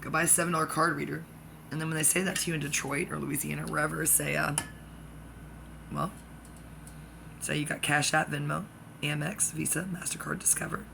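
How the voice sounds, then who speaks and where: This is a brisk, gravelly, mid-range voice delivering a topic-jumping comic ramble, pausing often. It lurches from excited outbursts to sudden whispers, with background noise behind it.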